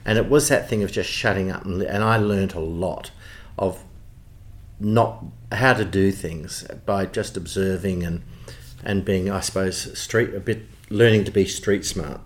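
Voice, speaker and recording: Man, 60s, low-ish voice, animated storyteller, interview. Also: measured pace. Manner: animated anecdotes with acted-out quotes.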